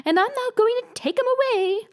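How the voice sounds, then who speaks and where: A woman putting on a shrill, cross old sheep. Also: animated, fairly quick. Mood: tart, bossy. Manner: shrill, snappish exclamations. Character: cross, bossy old female sheep knitting.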